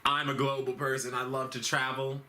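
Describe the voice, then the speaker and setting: A man's voice: medium pitch, monotone, normal speed, sharp tone. A man hosting a comedic news recap, rambling in a loose, slangy, profane way. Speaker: host.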